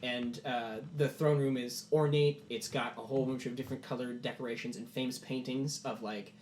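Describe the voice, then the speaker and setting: A man narrating a tabletop game as game master, in animated storytelling. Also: mid-range voice, a little fast, reverberant, a little hiss or hum. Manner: animated storytelling, many "like" fillers.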